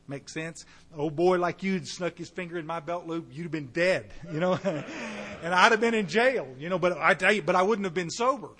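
A middle-aged man, giving a folksy personal testimony to a recovery meeting, with asides to the audience and bursts of animated volume. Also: on the high side. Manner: shifts between quiet and loud animated bursts.

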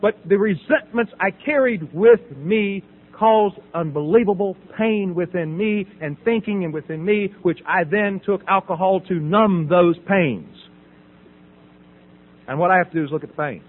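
In tinny, phone-quality audio, a middle-aged man from the American South recounts his recovery in a testimony-style talk. He speaks at a moderate pace in a high pitch, dramatizing conversations and laughing frequently.

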